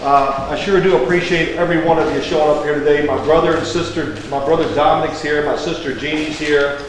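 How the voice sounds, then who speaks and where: A man in his sixties speaks with a Kentucky accent, rambling through folksy, joking stories as the guest of honor. He sits a bit high for a man, and he sounds distant from the mic. His voice rings through a large, echoey hall with a long reverb tail. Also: steady tone, a little fast, a little hiss or hum. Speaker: guest of honor giving a speech. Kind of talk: public speech.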